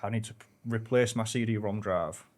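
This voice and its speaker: A man, a podcast guest talking casually in a relaxed, rambling way, correcting himself and swearing now and then. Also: on the low side, a little fast. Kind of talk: casual chat.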